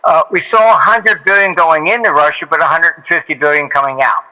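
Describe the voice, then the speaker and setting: Bright-voiced older man telling rambling stories. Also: on the high side, steady tone, a little fast, low-quality recording. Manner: rambling, many fillers and restarts. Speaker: interview guest, former hedge fund manager. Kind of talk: casual anecdotal storytelling.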